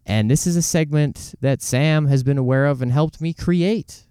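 Man telling a story on a podcast, mellow and crisp. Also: on the high side, normal speed, no room sound, studio quality. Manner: storytelling, animated retellings with quoted voices; loose, says "dude" and "like" a lot. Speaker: podcast host. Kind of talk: casual podcast chat.

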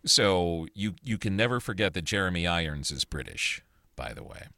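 A man's voice: low voice, lively intonation, moderate pace, vocal fry, pushed and bright, no echo, studio quality. A man co-hosting a podcast, chatting casually and reviewing movies with opinionated, rambling talk. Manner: opinionated, rambling with restarts and swearing. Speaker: podcast co-host.

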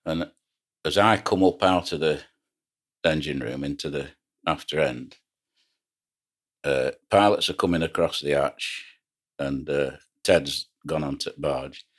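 Older man, very deep voice, rambling anecdotal storyteller, ex-skipper. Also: measured pace, long pauses. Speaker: retired pilot boat skipper. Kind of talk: reminiscing oral history.

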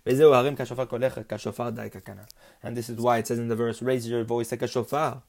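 Male Torah teacher at an ordinary pitch, explaining Hebrew terms in a rhythmic, repetitive teaching style. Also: level tone, quick pace, creaky, a little mellow. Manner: explains Hebrew terms then translates them; rhythmic, repeats phrases with rising emphasis. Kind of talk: religious text lesson.

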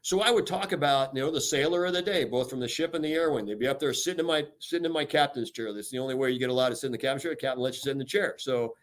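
A man's voice: mid-range voice, rapid-fire, few pauses. Older american guy, ex-navy admiral on a podcast, punchy and upbeat, lots of "you know"s. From United States. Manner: energetic, emphatic, many "you know" fillers. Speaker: retired admiral, guest. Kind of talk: podcast interview. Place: talking remotely from home or office.

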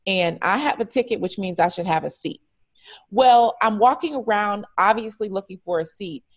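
A woman from Detroit tells a story to her interviewer at an easy, conversational pitch. She brings it to life by acting out the dialogue in lively voices. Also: normal speed. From Detroit, United States. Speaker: franchise regional director, interview guest.

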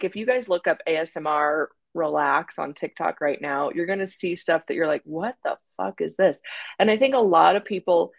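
A young woman co-hosting a podcast, chatting casually in a lively, joking way. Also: lowish voice, vocal fry, no room sound. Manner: lively, animated, laughing and joking. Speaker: podcast co-host. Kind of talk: casual chat.

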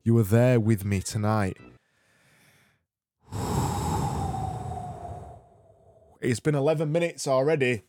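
A man's voice: medium pitch, animated, fairly quick, few pauses, a little mellow, a little hiss or hum. A man hosting a comedy podcast, sarcastically gushing thanks to listeners in a mock-cheerful monologue with stammering restarts. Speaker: podcast host.

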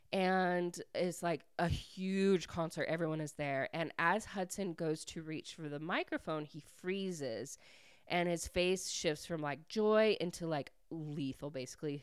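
A chatty young woman hosts a podcast and recaps a book in a loose, excitable way, with "like" in nearly every sentence. Her voice sits a little low and comes across smooth and clear. The sound is dry and close. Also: no room sound. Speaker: podcast host.

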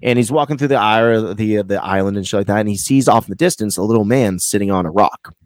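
A man's voice: fairly low pitch, fast, dry recording, clean studio sound. A young American man in casual chat, telling crude jokes with lots of swearing. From United States. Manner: crude, joking storyteller.

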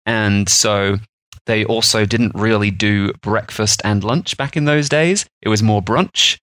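A man's voice: fairly low pitch, unhurried, fairly bright tone, no room sound. A man, co-hosting a podcast and explaining food history in a rambling, chatty way. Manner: rambling, chatty storytelling with fillers. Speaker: podcast co-host. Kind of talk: casual explanatory chat.

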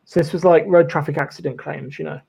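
A man's voice: a little high, steady tone, fast, vocal fry, a little mellow, slightly rough, rough recording. A man, a former lawyer, telling stories as a podcast guest in a chatty style, swearing and laughing often. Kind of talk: casual chat, storytelling.

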